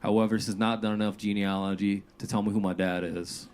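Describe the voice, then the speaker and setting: A man doing a rambling, deadpan stand-up set. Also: on the low side, a little fast, clear, resonant tone. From Louisiana. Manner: deadpan, loose and rambling, with filler "uh"s and "like"s. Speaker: stand-up comedian. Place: comedy club stage. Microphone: handheld stage mic. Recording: noisy live club recording.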